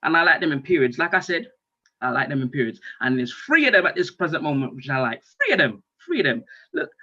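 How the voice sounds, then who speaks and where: Animated comic with a bright voice. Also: male voice, fairly high pitch, husky. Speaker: stand-up comedian. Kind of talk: stand-up comedy monologue. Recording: dull lo-fi stream audio.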